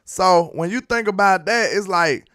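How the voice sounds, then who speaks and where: A man's voice: high-pitched, moderate pace, a bit bright. Chatty man hosting a sports stream. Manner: chatty, reads and answers chat comments. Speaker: sports live-stream host. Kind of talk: casual sports commentary livestream. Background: hip hop beat playing.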